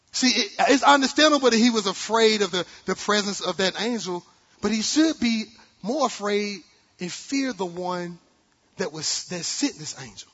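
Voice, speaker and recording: A man preaching a sermon with animated delivery, acting out quotes and jokes. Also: sits high, normal speed, husky. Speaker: pastor. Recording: dull sound in a large reverberant hall.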